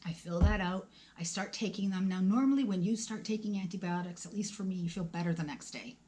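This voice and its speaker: A woman in her forties speaks to the camera at a medium pitch, telling her own story in plain, conversational words. She acts out what people said and now and then drops her voice to a whisper. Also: fairly quick, mellow. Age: 40s. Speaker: vlogger.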